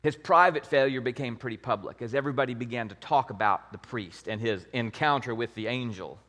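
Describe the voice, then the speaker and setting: A man's voice: mid-range voice, fairly quick, a bit bright. Conversational man preaching in a hall. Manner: conversational, rhetorical questions, emphatic. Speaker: pastor. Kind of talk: sermon.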